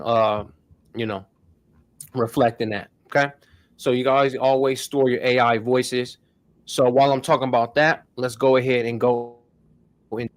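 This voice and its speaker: A man's voice: mid-range voice, dry recording. A man hosting a casual tech tutorial stream, talking loosely in slang to his viewers. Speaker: host.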